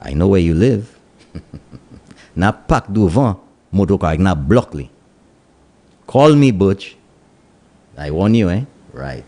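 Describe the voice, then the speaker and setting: A man's voice: sits low, lively intonation, a little slow, long pauses, mellow. A man with a Saint Lucian accent hosting a morning radio call-in show. He talks in a playful, teasing way and mixes English with Kwéyòl. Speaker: radio talk show host.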